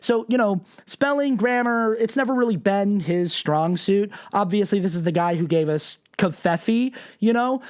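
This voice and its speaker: A man hosting a podcast and ranting about politics, with a lively pitch that jumps around. He sounds sarcastic and exasperated and swears without holding back. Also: measured pace, few pauses. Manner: animated, sarcastic, swears freely. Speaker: podcast host.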